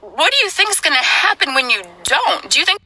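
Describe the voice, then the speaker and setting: A woman's voice: sits high, big pitch swings, brisk, sharp tone, rough recording. A woman speaking earnestly straight to the viewer in a played clip. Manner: earnest, lectures the viewer directly. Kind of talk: earnest direct-to-camera address.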